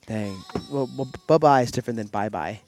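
A man's voice: mid-range voice, background noise. Joking young man on a podcast. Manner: joking, playful, does quick impressions. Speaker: podcast co-host. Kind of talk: casual chat. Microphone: headset.

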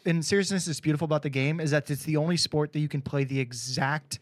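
A man co-hosting a casual podcast chat, making wry, quick asides. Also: on the high side, steady tone. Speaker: podcast co-host.

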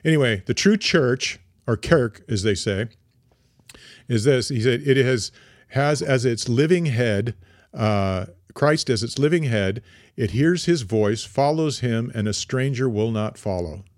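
A man's voice: medium pitch, lively intonation, unhurried, dry recording, clean studio sound. A man co-hosting a podcast, casually retelling history with lots of fillers and restarts. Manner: rambling, many fillers and restarts. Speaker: podcast co-host.

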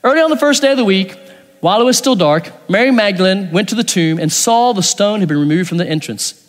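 A man's voice: sits high, lively intonation, fast talker, long reverb tail. A man preaching a sermon as pastor, reading scripture aloud and acting out the dialogue in changing voices. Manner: acts out dialogue with shifting voices.

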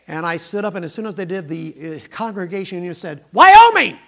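A man's voice: high-pitched, fast talker, a bit bright. A middle-aged man, preaching as a guest and joking with the congregation. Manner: folksy, joking, laughing between lines. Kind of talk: sermon with joking opening remarks.

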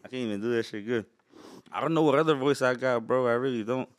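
A man's voice: mid-range voice, quick pace, no echo, studio quality. A man chatting casually as a podcast guest, laid-back, swearing and laughing often. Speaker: podcast guest, truck brand owner. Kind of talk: casual chat.

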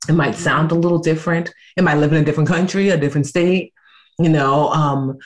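A woman in her thirties talking casually as a guest, lively and expressive, slipping into other people's voices as she tells stories. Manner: animated storyteller, acting out quoted voices with big pitch jumps. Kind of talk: casual conversation.

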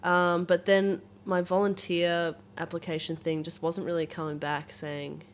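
一个带澳大利亚口音的女人，声音偏低，语气坦率爱开玩笑，背景有轻微噪声。. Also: female voice, on the low side, little pitch movement, measured pace, slight background noise. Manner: joking, laughs often, frank. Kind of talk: casual chat.

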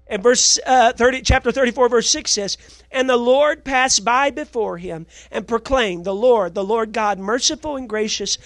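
A male preacher delivering a sermon who keeps asking his congregation if they are ready, swinging between loud declarations and hushed asides. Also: very high voice, moderate pace, dry recording. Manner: call-and-response, asks the congregation "you ready?".

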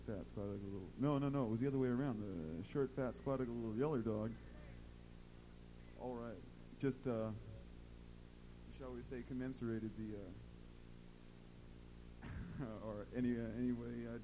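A man's voice: mid-range voice, normal speed, long pauses, background noise. A man on a live stage telling a long folksy joke in a drawling, rambling way, full of fillers and repeats. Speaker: stage performer.

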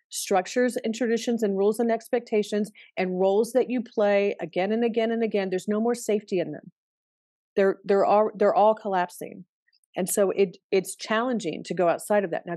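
A woman's voice: mid-range voice, darkish tone, no echo, studio quality. A woman astrologer, likely middle-aged, talking in a candid, conversational way and swearing casually now and then. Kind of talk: casual spoken astrology talk.

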